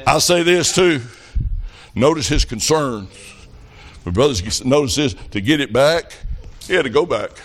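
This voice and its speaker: Preacher telling folksy stories. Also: male voice, mid-range voice, lively intonation, a little slow, pauses often. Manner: folksy storytelling that builds to shouted preaching. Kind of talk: revival sermon.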